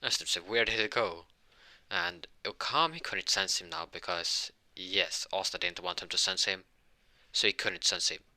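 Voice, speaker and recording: A young man telling an improvised fan-fiction story, rambling and often stopping to correct himself. His voice is low and strikingly bright. It is recorded close and dry, with no room sound. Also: lively intonation, normal speed, dry recording. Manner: rambling, with many restarts and self-corrections.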